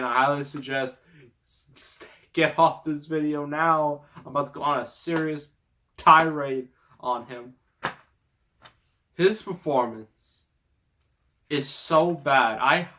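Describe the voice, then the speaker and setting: A man's voice: medium pitch, a bit bright. A man hosting a casual movie review rant, exasperated and rambling, often breaking into laughter. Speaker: movie reviewer, host of the show.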